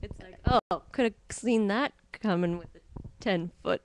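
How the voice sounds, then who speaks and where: A woman co-hosting a casual chat, chiming in with quick jokes and prompts. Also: mid-range voice, dry recording. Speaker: podcast co-host.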